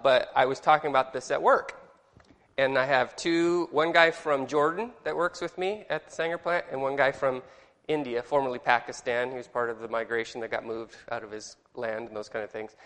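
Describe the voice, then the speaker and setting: A man's voice: mid-range voice, a bit bright. A man teaching a Sunday school class, chatty and joking, asking the group questions. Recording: long reverb in a hall.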